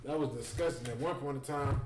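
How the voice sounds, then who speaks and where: A man hosting a stream, telling stories in a casual, animated and joking way. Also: mid-range voice, brisk. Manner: animated, joking, full of fillers. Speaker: host. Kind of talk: casual storytelling and preaching on a stream. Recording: echoey room with faint noise.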